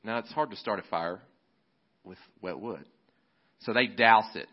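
Male pastor, lowish voice, laid-back sermon retelling, slightly dull recording. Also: a little slow. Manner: casual, conversational storytelling with fillers.

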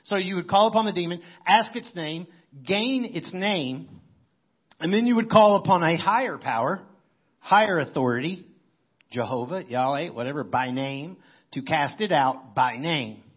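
A man's voice: a little high, animated, moderate pace, breathy edge, highs cut off. A man preaching a sermon in a conversational way, as if thinking aloud. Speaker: pastor.

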